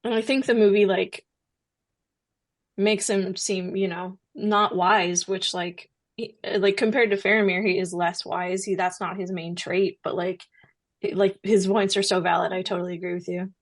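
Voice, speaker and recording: A woman in a casual podcast discussion, talking in a relaxed way with many "like"s. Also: mid-range voice, normal speed. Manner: relaxed, heavy use of "like". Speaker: podcast co-host.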